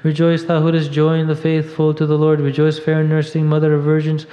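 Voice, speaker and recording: A man reading liturgical hymns aloud in a steady, even recitation at a church service, now and then stumbling over a word. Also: a little high, brisk. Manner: steady monotone recitation with small slips. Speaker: reader at a monastery service. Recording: dull echoey church audio.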